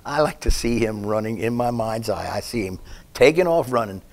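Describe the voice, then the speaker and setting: A man preaching a sermon in a folksy, rambling way, breaking off to comment on himself and growing louder and higher when he stresses a point. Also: fairly even intonation, fairly quick.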